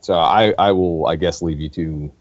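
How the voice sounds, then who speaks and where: Low voiced guy hesitantly chatting as a player in an online tabletop game, stammers. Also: normal speed, dry recording, highs cut off. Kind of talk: casual chat in a tabletop game.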